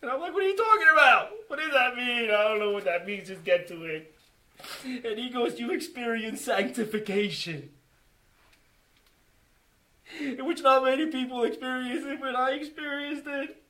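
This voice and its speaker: A man's very high voice, pushed and bright, carries an emotional church testimony at a moderate pace with long pauses. Earnest throughout, he keeps restarting sentences and acts out his own remarks and those of others in quoted dialogue.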